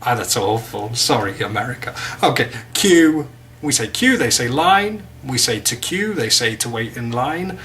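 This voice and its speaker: A man's voice: mid-range voice, lively intonation, unhurried, a bit bright, a little hiss or hum. An English man giving a casual vocabulary lesson, chatty with joking asides. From England. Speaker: English teacher.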